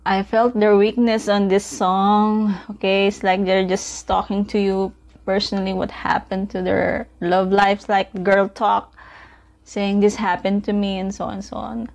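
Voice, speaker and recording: A woman's voice: medium pitch, level tone, measured pace, gravelly, darkish tone. A woman hosting a reaction video, speaking casually and gushing with repeated spelled-out exclamations about what she watches. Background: the reviewed song playing faintly.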